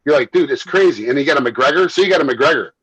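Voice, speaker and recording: A man with a husky voice talks through life as a fight referee and former fighter in a casual interview. He is animated, doubles back on his words and breaks into laughter. The sound is dry and close to the mic. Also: medium pitch, very fast, dry recording, lo-fi sound. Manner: animated, repeats and restarts words, laughs while telling stories.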